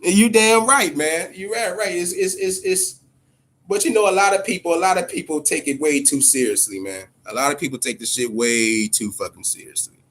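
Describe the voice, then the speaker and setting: A man's voice: on the high side, moderate pace, fairly bright tone. A man hosting a casual boxing livestream, talking loosely and profanely, repeating himself and answering his chat viewers. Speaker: boxing show host.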